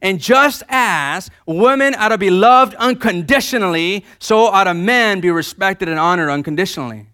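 A male pastor preaching a sermon, swinging between loud emphasis and quiet repetition and leading the congregation in call-and-response. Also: high voice, animated, normal speed, few pauses, clear, resonant tone, no room sound, clean studio sound.

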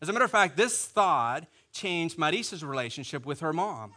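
A married man preaching a sermon to a congregation, repeating phrases and acting out quick asides. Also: a little high. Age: adult, married. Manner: animated, repetitive preaching with acted asides. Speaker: pastor.

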